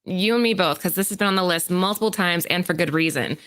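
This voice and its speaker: A woman co-hosting a comic book podcast, reading prepared market rundowns in a steady, informative way and chatting casually. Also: lowish voice, fast. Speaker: podcast co-host.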